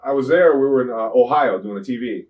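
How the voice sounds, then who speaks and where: An older man, a retired wrestler, telling rambling profane stories in an interview, often saying "you know what I'm saying" and getting loud when he retells fights. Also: medium pitch, fast talker, distant mic, highs cut off. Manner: grows loud and animated when retelling confrontations. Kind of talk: shoot interview storytelling.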